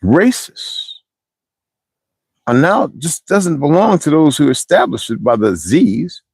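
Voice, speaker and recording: A man's voice: fairly high pitch, takes it slowly, gravelly, husky, dry recording. A man talking on a livestream, preaching in a rambling, wandering way and reading out viewer comments. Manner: animated, preachy, digressive.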